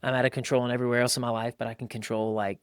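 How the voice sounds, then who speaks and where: A smooth, mid-range voice races along very fast as this man in his thirties hosts a casual podcast, recorded dry in a clean studio. He's an animated storyteller who acts out quotes and relies on slang, saying "like" and "bro" a lot.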